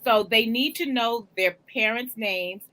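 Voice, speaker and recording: A woman co-hosting a casual panel chat, animated and quick to laugh. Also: on the high side, poor audio. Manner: animated, laughing, repeats herself. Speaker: co-host.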